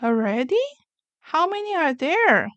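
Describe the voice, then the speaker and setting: A woman voicing a kind, jolly father pig with gentle, fatherly storybook delivery. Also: high voice, big pitch swings, unhurried, dry recording, muffled recording, heavily acted.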